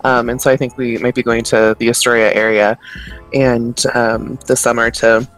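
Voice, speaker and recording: A man's voice: medium pitch, level tone, moderate pace, fairly bright tone, low-quality recording. Chatty hesitant man, faint music behind. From Pacific Northwest of the United States. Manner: hesitant, repeats words and laughs often. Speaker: podcast co-host. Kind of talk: casual chat.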